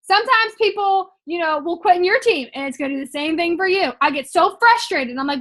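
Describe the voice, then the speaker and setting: A young woman talks straight to camera in a casual motivational vlog. Her voice sits very high. She is chatty and emphatic, leaning on "like" and "um" as she repeats points for emphasis. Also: lively intonation, fairly quick, few pauses, pushed and bright. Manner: chatty and emphatic, heavy use of "like" and "um". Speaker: vlogger sharing sales training notes.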